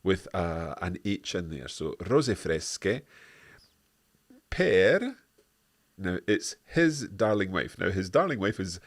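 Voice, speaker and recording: Low-voiced man teaching. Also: sing-song, takes it slowly. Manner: chatty, self-correcting, laughs often. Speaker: language lesson co-host. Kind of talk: live online language lesson.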